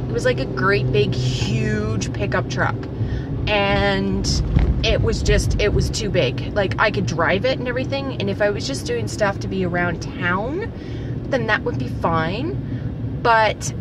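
Chatty mom vlogger in a noisy car. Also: female voice, a little high. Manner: rambling, friendly, lots of fillers and restarts. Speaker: family vlogger. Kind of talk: casual chatty vlog. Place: inside a car. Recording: car noise in background.

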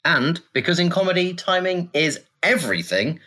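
Man co-host, husky voice, animated and jokey. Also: a little high, normal speed. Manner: jokey, breaks into silly put-on accents. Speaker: podcast co-host. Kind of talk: casual comedic chat.

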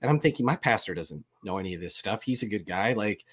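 A man's voice: fairly low pitch, lively intonation, quick pace, fairly bright tone, breathy edge. Male panel guest, candid and blunt, a bit rambling, on a video call. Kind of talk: casual panel chat.

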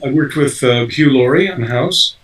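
A man's voice: medium pitch, normal speed, fairly bright tone, far from the mic, low-quality recording. An older man, an actor being interviewed, talking casually with lots of fillers and restarts. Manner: rambling, many fillers and restarts. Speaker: actor guest.

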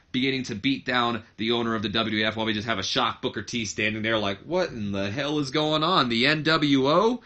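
A man's voice: mid-range voice, bright, forceful tone. A man narrating a wrestling game in a casual, rambling way, correcting himself as he goes. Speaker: let's-play creator.

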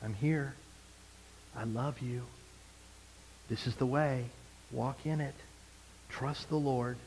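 A man voicing the Holy Spirit as a calm, reassuring presence in a soft, still, hushed voice. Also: medium pitch, slow, a little hiss or hum, voice pushed down, low-quality recording. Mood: gentle.

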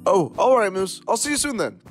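A man's voice: high voice, big pitch swings, a little fast, faint music behind. A man voicing an oddly upbeat young male friend, breezy in manner. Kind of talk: Minecraft roleplay voice acting.

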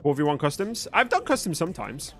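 A man's voice: a little high, sing-song, brisk, vocal fry, fairly bright tone, faint music behind. A young man chatting live with his viewers while gaming, joking and swearing freely. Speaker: livestreamer. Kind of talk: live gaming stream chat.

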